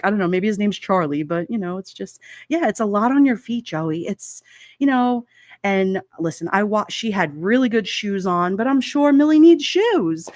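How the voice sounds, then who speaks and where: A woman's voice: on the high side, a little mellow, no room sound. A woman in her forties hosting a casual chat stream, rambling and chatty with plenty of fillers and laughter. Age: 40s. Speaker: livestream host.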